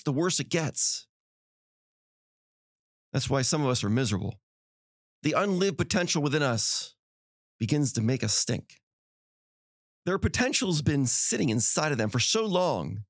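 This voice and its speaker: A man's voice: a little high, no echo, studio quality. A man hosting a podcast, delivering a motivational monologue with an emphatic, repetitive preaching cadence. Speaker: podcast host.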